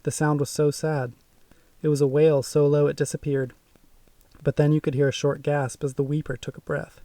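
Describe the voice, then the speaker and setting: Gravelly man narrating a spooky audiobook. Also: a little high, little pitch movement, dark tone, dry recording, distant mic. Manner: measured, suspenseful storytelling. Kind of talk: first-person audiobook narration.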